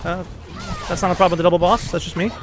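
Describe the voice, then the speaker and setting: A man hosting a casual let's play, excitable, cursing and hooting at the game. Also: high voice, very fast, music in the background. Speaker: gaming channel host.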